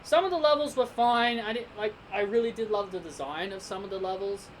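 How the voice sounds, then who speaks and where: A man's voice: sits high, fairly quick, slight background noise, rough recording. A man with an Australian accent giving a casual spoken game review, rambling and speculating as he thinks aloud.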